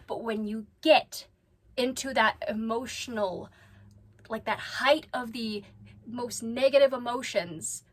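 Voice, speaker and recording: A woman with a fairly high voice does reaction commentary for her vlog. She's blunt, swears freely and addresses the person she's watching directly, as though they could hear her.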